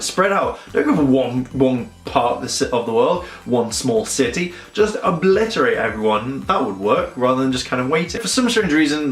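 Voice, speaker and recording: A man with a slightly high, somewhat bright voice gives a casual episode review as a fan, rambling and sarcastic. The recording has a roomy echo with faint music in the background.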